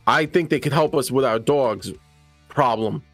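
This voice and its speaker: A man's voice: medium pitch, a little slow, dry recording. A man voicing Cade, a friendly hard-drinking wasteland townsman who rambles and reassures, over faint music.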